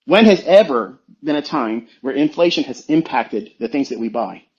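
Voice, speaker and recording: A man, a trading mentor, giving a forceful motivational rant full of swearing and rhetorical questions. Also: mid-range voice, lively intonation, moderate pace. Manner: forceful, profane, preachy. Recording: dull lo-fi sound.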